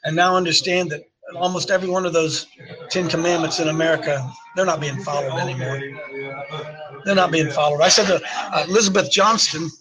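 A man's voice: on the high side, a little fast, crowd noise, low-quality recording. A man hosting an opinionated talk show, emphatic, repeating his points and firing off rhetorical questions at his listeners. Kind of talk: opinionated talk radio commentary.

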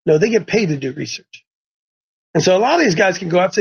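Brief: defiant sermon voice, repeats lines, breathy texture, muffled recording. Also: mid-range voice, lively intonation, fast. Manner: mocking, blunt, repeats points. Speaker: preacher. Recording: dull lo-fi recording.

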